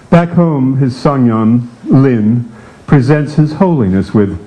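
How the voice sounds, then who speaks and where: A man's voice: medium pitch, slow pace. Theatrical older male storyteller. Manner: wry, theatrical, animated. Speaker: comic author reading aloud. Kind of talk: comic storytelling to a live audience.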